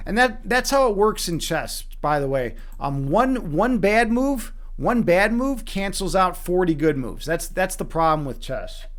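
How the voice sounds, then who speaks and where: A young man with a Chicago accent talks through his chess moves on a live stream. His voice sits a little high for a man, and he swears freely as he goes. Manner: animated, swearing, talks to chat while playing.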